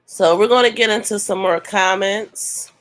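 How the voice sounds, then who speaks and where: Reading out viewer comments and talking them over with her partner, a co-host of a couple's commentary channel reflects casually on the show. She has a mid-range, fairly bright voice and keeps a moderate pace.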